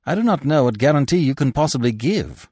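A man's voice: medium pitch, very animated, brisk, a little mellow, breathy edge, no echo, studio quality, voice pushed up. A man voicing a young male lawyer in hiding who speaks in a cool, sarcastic, mocking way.

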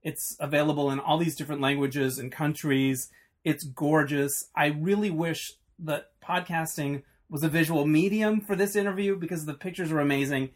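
A man's voice: fairly high pitch, steady tone, moderate pace. Chatty enthusiastic podcast host, man. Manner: chatty, enthusiastic, with frequent ums. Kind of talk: podcast interview.

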